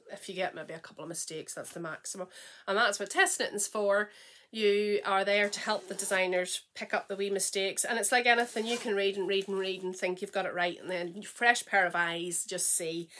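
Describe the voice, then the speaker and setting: A woman hosts a knitting podcast in a relaxed, chatty way, often trailing off mid-thought before picking up again. Her voice is bright and forward. She gushes readily over what she is showing. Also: mid-range voice. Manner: enthusiastic and gushing. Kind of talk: casual chat showing knitting projects.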